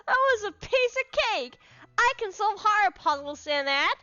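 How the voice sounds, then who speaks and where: A woman voicing an excitable young boy apprentice with a put-on Cockney accent while playing a game. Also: very high-pitched, measured pace, dry recording, highs cut off, pitched above the performer's own voice, heavily acted. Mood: indignant.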